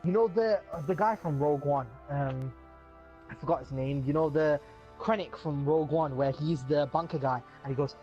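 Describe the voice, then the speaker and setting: Excitable young man. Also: fairly high pitch, normal speed, lo-fi sound, soft background music. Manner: excitable, gushing slang. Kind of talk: casual chat.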